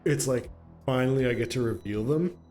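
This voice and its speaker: A man chatting casually as game master about his tabletop campaign, pausing often and filling gaps with "um" and "like". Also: mid-range voice, a little mellow, faint music behind. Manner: hesitant, full of "um" and "like".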